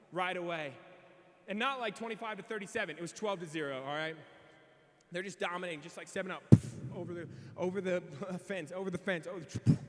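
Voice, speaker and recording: A young man telling a funny, self-mocking story in a farewell speech as a student officer, in an animated, quick comic way. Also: high-pitched. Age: young adult. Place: large convention hall. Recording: reverberant hall sound.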